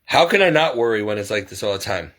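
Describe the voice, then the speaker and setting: A man's voice: fairly low pitch, lively intonation, quick pace, fairly bright tone. A middle-aged man telling a story in a casual vlog, rambling and exasperated, repeating himself as he goes. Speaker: vlogger.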